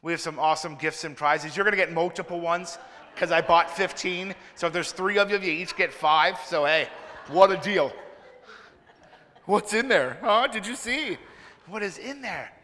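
In a church sanctuary, a children's minister gives a children's sermon, playfully asking the kids lots of questions. His voice is high-pitched and sharp in tone, at a moderate pace, and the hall is reverberant.

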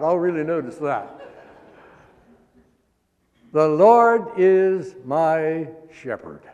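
A man preaching a sermon, explaining scripture line by line in a folksy, teaching way and slowing down to stress the verses. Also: a little high, a little mellow, big-room sound. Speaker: pastor.

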